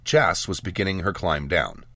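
A man narrating a first-person fantasy audiobook with measured storytelling and lively dialogue. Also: low voice, vocal fry, no echo, studio quality.

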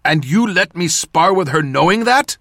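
A man's voice: sits high, expressive, normal speed, fairly bright tone, no room sound, clean studio sound, pitched above the performer's own voice. A man voicing a worn-out, good-natured fighter, out of breath and panting, speaking ruefully. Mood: indignant.

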